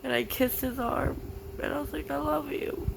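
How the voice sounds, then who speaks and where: A young woman vlogging through tears, halting and grief-stricken, with many "like" fillers. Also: high voice, fairly even intonation, creaky, background noise. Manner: halting, full of "like" fillers, grieving. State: tearful. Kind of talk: personal confessional vlog.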